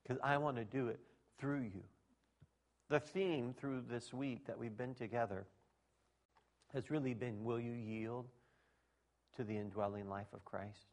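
A man's voice: medium pitch, steady tone, measured pace, pauses often. A middle-aged man preaching a conversational sermon, acting out quoted dialogue and laughing at his own jokes.

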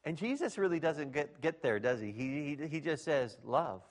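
A man's voice: on the high side, expressive, normal speed, hardly any pauses. A middle-aged man preaching a conversational sermon, acting out quoted dialogue and laughing at his own jokes.

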